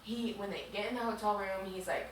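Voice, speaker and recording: Woman co-host, casual and rambling, mid-pitched, recorded far off the mic with faint hiss. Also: steady tone, a little fast. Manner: chatty, rambling storytelling full of "like". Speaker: podcast co-host. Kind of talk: casual chat recapping a book. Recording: very echoey room, distant mic, faint hiss.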